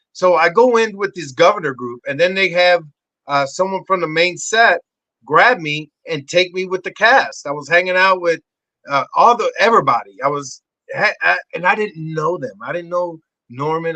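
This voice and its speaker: Male podcast guest, forties, excitable raconteur, slightly high and bright. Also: normal speed, no echo, rough recording. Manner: excitable, swearing, acts out voices in high shouts. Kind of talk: animated storytelling.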